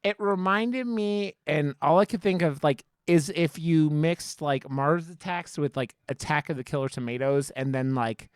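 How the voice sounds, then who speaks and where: A podcast co-host chatting casually at a middle pitch, rambling and swearing, with many "like"s and restarts. The recording is close and dry. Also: moderate pace, few pauses, clear, resonant tone, no echo. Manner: rambling, profane, lots of likes and restarts. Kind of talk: casual chat.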